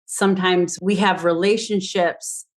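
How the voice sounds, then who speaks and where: A woman's voice: on the low side, steady tone, unhurried. A woman co-hosting a podcast, thoughtfully building a point in short phrases while talking with a guest. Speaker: podcast co-host. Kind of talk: conversational podcast interview.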